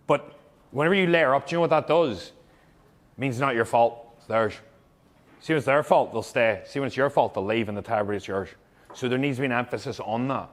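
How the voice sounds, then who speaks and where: A man's voice: mid-range voice, brisk. Blunt, foul-mouthed male fitness coach. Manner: blunt, heavily profane, emphatic. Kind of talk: blunt motivational talk to fellow coaches.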